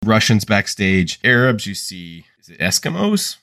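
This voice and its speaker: A man's voice: lowish voice, big pitch swings, a little slow, fairly bright tone. A man co-hosting a podcast, wryly recapping an episode in casual chat. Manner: recapping, wry. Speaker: podcast co-host.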